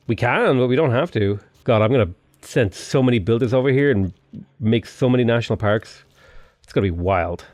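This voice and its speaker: A young Irish man giving playful, excitable commentary over a strategy game, full of jokey asides. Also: lowish voice, no echo. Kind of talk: casual gameplay commentary.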